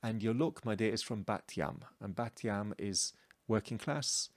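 A man's voice: fairly low pitch, expressive, a little slow, dry recording. A man explaining a song's cultural references in a chatty, explanatory lesson style. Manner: chatty, explanatory, with asides like "okay?" and "shall we say". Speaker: educator explaining a song.

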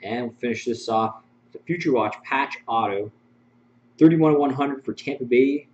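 The host of this streamed card break is a man with a mid-range, slightly mellow voice who speaks at a moderate pace. He rattles off card names and serial numbers and chuckles while chatting with viewers, over muffled audio with a faint hum.

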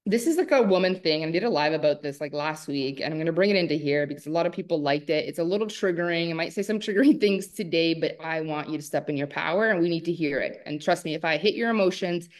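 A woman coach giving a live online masterclass, animated and emphatic and laughing often. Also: sits low, fast, few pauses.

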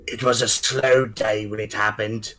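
A man's voice: fairly low pitch, little pitch movement, a little slow, a bit bright. A man voicing a grim male subway witness who tells a ghost story, in an attempted British dock worker accent that comes out Australian. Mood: haunted.

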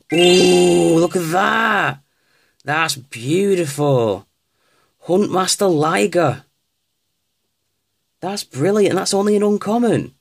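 A man casually opening card packs on camera, reading out card names with excited exclamations. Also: on the high side, dry recording. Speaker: card pack opener. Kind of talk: casual unboxing commentary.

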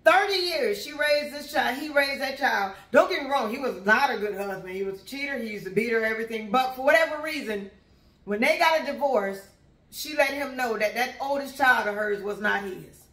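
A woman spins a personal story in a relaxed, chatty way, talking right to her listeners. Her voice sits a bit high, and the recording carries a noticeable room echo. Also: brisk. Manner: animated, conversational, addresses listeners as y'all. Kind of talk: casual storytelling to an audience.

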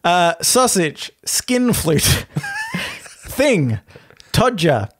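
A man's voice: fairly high pitch, very animated, a little slow. A man hosting a podcast, reading a list aloud and laughing often in casual comedic chat. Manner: giggly, reads out a list, laughs a lot. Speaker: podcast host.

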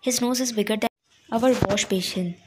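A woman's voice: a little high, normal speed, background noise, lightly acted. A woman voicing a teasing young female friend, mocking and playful, in a narrated fan story.

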